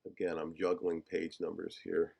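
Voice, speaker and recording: A man teaching a class on a film screenplay, talking haltingly with many fillers and restarts as he searches for page numbers. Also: low voice, completely flat delivery, gravelly, warm tone. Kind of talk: lecture discussing a film screenplay.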